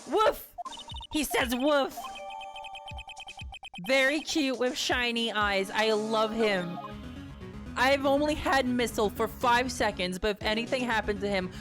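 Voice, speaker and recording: A young adult woman streaming a game, chatting casually and playfully and reading the dialogue aloud. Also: fairly high pitch. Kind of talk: casual playthrough commentary. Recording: game music behind.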